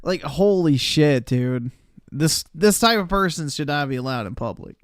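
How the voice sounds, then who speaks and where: A man's voice: a little high, expressive, moderate pace. A man streaming live, reacting to a video with crude, mocking, blunt commentary to his chat. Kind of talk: casual livestream commentary.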